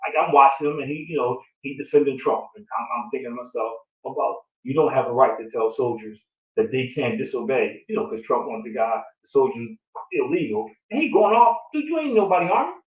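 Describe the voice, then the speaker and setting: A man's voice: mid-range voice, brisk, distant mic. A man in casual conversation, talking. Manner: animated, repetitive, rhetorical questions. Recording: roomy sound from off the mic.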